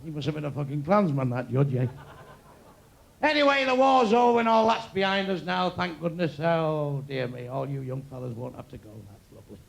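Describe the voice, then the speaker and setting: A man's voice: a little high, animated, brisk, gravelly. A man in his sixties doing crude live stand-up, brashly teasing people in the audience. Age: 60s. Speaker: stand-up comedian. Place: comedy club stage before a live audience. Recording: noisy live room with crowd laughter.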